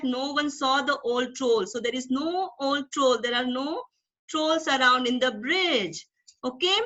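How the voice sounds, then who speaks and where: Preschool teacher, woman, Indian English accent, lively storytelling for small children, high pitch, dull lo-fi sound. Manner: animated, questioning the children. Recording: dull lo-fi recording.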